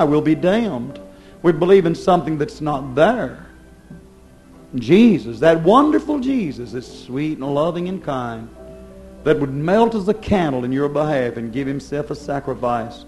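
A man preaching a sermon, swinging from loud declaiming to low, intense pleading.

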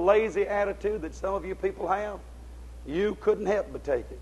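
A preacher man with a high, husky voice delivers a fiery sermon. His speech is folksy and ungrammatical, and he swings from shouted exhortation down to low, intense tones. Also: brisk, low-quality recording.

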